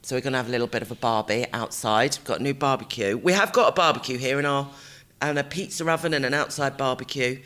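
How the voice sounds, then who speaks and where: A man co-hosting a podcast in a chatty, teasing way with quick asides. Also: medium pitch, bright, forceful tone. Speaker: podcast co-host. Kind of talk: casual chat.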